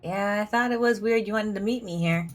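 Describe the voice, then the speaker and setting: Speaking briskly at a medium pitch, this woman voices a story game's lines on her stream while soft music plays underneath. Her delivery is chatty and giggly, peppered with "like."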